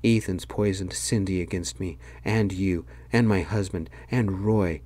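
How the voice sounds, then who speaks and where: A man voicing a bitter, angry middle-aged mother in a soft-spoken whispered role-play. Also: low-pitched, unhurried.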